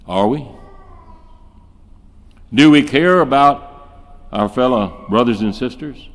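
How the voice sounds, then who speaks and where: A man's voice: mid-range voice, slow. A man preaching a sermon, driving his points home with rhetorical questions and acting out the voices he quotes. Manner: emphatic, fires off rhetorical questions; acts out quoted speech in shifting voices. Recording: long reverb in a large hall.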